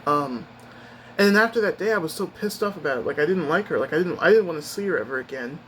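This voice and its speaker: Guy venting on his vlog, kinda high voice, keeps restarting, faint ac hum behind. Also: animated, fast, fairly bright tone, rough recording. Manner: rambling, upset retelling with many restarts. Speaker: vlogger. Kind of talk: casual personal storytelling.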